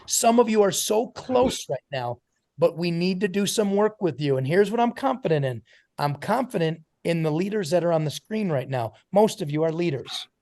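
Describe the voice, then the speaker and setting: A man's voice: on the high side, a little mellow. A man giving an emphatic motivational talk to a sales team on a video call, calling on listeners by name.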